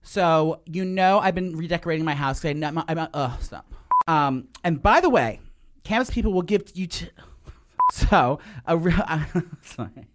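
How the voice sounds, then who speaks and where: A man hosting a podcast in casual chat, talking fast and animated, swearing and giggling. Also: fairly high pitch. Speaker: podcast host. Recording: dry close mic with faint music.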